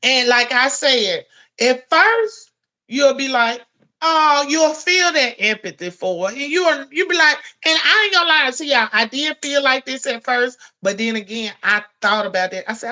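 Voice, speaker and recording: A woman delivers a blunt, profane commentary rant. Her voice sits a little high and sounds bright and forceful, and she scolds without letting up. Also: lively intonation, normal speed. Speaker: commentary vlogger.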